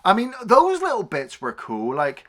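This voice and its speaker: A man co-hosting a film review podcast, retelling the plot in a casual, animated way, swearing freely and acting out scenes. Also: sits high, normal speed.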